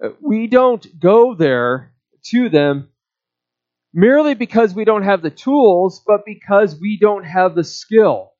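A male pastor delivers a sermon in a slow, deliberate teaching voice set a little high. The recording sounds somewhat dull and muffled. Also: expressive.

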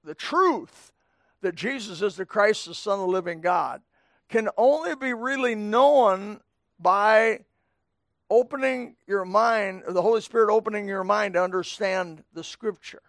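A middle-aged man preaches to his church in a homespun, chatty manner, often turning to speak to people in the pews. His voice sits high for a man, and the sound is close and dry, with little room echo. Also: measured pace, fairly bright tone. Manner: folksy, conversational preaching with asides to the congregation. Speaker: pastor. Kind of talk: sermon. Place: church sanctuary.

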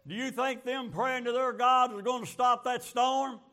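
A man's voice: extremely high pitch, steady tone, normal speed, sharp tone. A man preaching a fervent, folksy sermon full of rhetorical questions.

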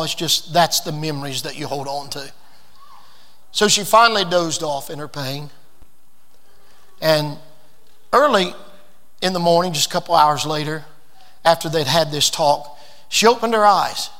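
Man, pastor, sermon, storytelling, fervent shouting, gravelly, high-pitched. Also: big-room sound.

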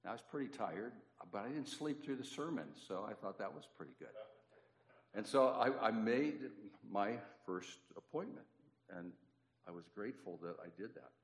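A man preaching a sermon full of personal stories, swinging between loud and hushed. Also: lowish voice, expressive, moderate pace. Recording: echoey hall with long reverb.

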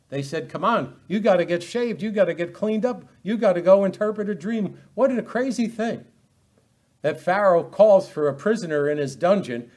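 A man preaching an expository Bible sermon, animated and full of rhetorical questions. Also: on the high side. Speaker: pastor.

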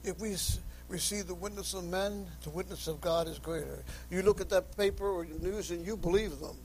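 Fervent male preacher, high voice, reads scripture, slight background hum. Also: brisk, rough recording. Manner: impassioned, rising to high shouts; reads scripture aloud in King James wording. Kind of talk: sermon.

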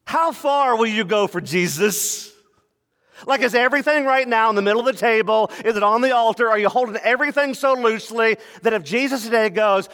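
A male pastor delivers a lively sermon, jumping into quick mock voices and joking asides. His voice sits rather high for a man. The sound carries a long reverb, like a big hall.

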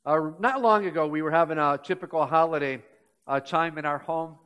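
A man's voice: fairly high pitch, brisk, fairly bright tone, smooth. An older man preaching a sermon as pastor in a church, telling stories and building up to emphatic points.

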